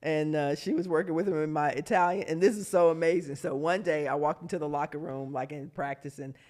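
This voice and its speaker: A lively woman in her fifties tells stories from her playing career in a relaxed interview. She talks with real animation, laughs easily and jumps into other people's voices as she quotes them. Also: low-pitched, a little fast. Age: 50s. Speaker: guest, former pro basketball player. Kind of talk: casual interview storytelling.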